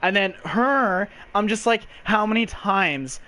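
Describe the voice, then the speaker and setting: Male podcast co-host, higher voice, loose rambling review chat, quotes the characters. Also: animated, a little slow, sharp tone. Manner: rambling, acts out quotes, swears. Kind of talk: casual movie review chat.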